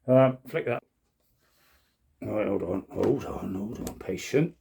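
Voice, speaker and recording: A man's voice: fairly low pitch, takes it slowly, gravelly, dark tone. A British man in his sixties chatting casually to camera in a small shed while he works, rambling and talking to himself. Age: 60s. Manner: chatty, rambling, self-talk while working. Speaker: woodworking vlogger. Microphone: camera on a mount.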